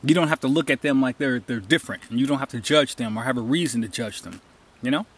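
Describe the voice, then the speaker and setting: A man's voice: mid-range voice, quick pace, fairly bright tone, slight background noise. A man talking casually while hiking outdoors, telling stories and giving emphatic advice in a rambling way, recorded on a handheld camera. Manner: rambling, storytelling, emphatic asides. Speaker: hiker vlogger. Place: outdoors on a trail.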